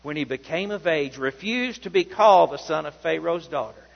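A man preaching a sermon as pastor, fervent, swinging between loud exclamations and quiet, intimate asides. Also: on the high side, lively intonation, moderate pace, vocal fry. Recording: dull sound with long hall reverb.

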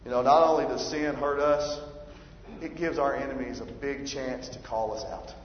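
A man's voice: medium pitch, fairly even intonation, moderate pace, slight background noise. A man preaching a sermon, emphatic and rising in force when he reads scripture. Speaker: pastor. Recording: roomy hall reverb, dull lo-fi sound.

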